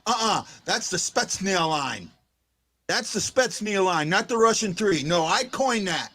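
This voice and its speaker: A man hosting a live fan show, excitable and given to shouting and chanting. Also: sits high, a little slow. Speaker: host of a fan livestream show.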